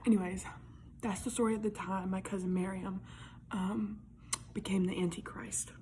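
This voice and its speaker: A young woman tells a personal story in loose, casual chat, leaning on "like" and cursing freely. She slips into hushed, whispered asides now and then. Her voice sits at an ordinary middle pitch, with a faint hiss of noise behind her. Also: fairly even intonation, moderate pace. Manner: chatty, full of "like", drops into whispered asides, swears freely.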